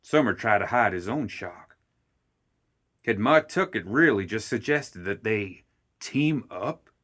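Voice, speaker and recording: A male storyteller narrating a story in steady, measured tones. His voice sits fairly low yet comes across bright and forceful. He reads the narration at an even pace. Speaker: audiobook reader. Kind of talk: scripted narration.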